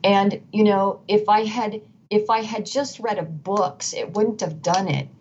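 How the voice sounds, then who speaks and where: A woman's voice: mid-range voice, fairly even intonation, measured pace, a little mellow. A middle-aged woman, a guest, telling her story earnestly and emphatically, often restarting and repeating phrases. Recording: dull lo-fi sound with faint noise.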